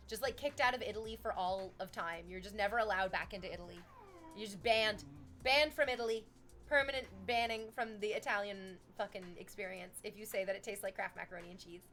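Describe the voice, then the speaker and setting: Young canadian woman streaming, chatty and animated, lots of swearing, faint music behind. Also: medium pitch. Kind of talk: casual livestream chat.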